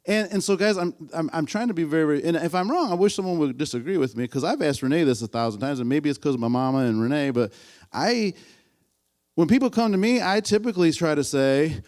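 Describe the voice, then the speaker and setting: A man in his fifties leads a church class with a slightly high voice that swings up and down a lot. He talks casually, restarts his sentences and keeps checking in with the room. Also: expressive, brisk, darkish tone. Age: 50s. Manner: rambling, repeats himself, asks the class questions. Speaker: Sunday school teacher.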